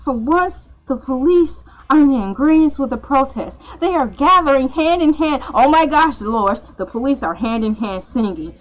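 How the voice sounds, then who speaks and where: A woman playing an over-excited female TV news reporter in a comic parody, exclaiming dramatically. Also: high voice, normal speed, hardly any pauses, poor audio. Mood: frantic.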